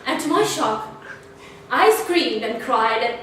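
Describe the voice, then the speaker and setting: A woman's voice: on the high side, animated, slow, fairly bright tone. A young woman giving a prepared club speech, telling a playful story with animation. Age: young adult. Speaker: club speaker. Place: meeting room. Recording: echoey room, distant mic, background noise.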